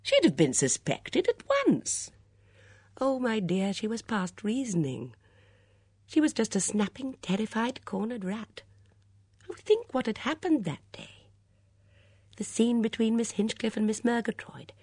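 A woman reading as an elderly lady sleuth, explaining a crime in measured, earnest tones. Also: fairly high pitch, sing-song, darkish tone, breathy edge, dry recording, studio quality, heavily acted. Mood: urgent. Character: elderly woman sleuth, gentle but grave.

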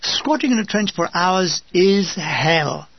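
A man reading a comic wartime memoir in a wry, deadpan way, in a dull, dry, lo-fi recording. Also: sits high, slow, vocal fry, slightly rough, dry recording. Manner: wry, deadpan humor with acted asides. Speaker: memoir narrator.

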